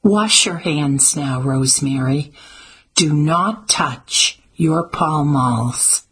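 A woman's voice: low voice, very slow, fairly bright tone, breathy edge, exaggerated voice, rough recording. A woman reading an audiobook, voicing a refined, imperious woman perfumer who speaks haughtily and precisely. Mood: commanding. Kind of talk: audiobook character voice.

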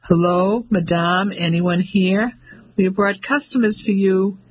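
A man voicing a big village man who speaks formally and gives orders with calm assurance. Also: high-pitched, normal speed, husky, low-quality recording. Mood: assured. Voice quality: formal, reassuring, commanding.

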